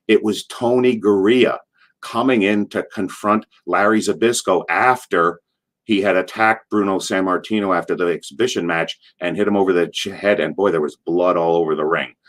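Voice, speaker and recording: Middle-aged guy w a lowish voice spinning old wrestling stories, rambly, keeps doing the yelling bits. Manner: animated, acts out quotes in a loud, drawn-out voice; rambling, with restarts and asides. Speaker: former wrestler being interviewed. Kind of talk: casual anecdotal storytelling.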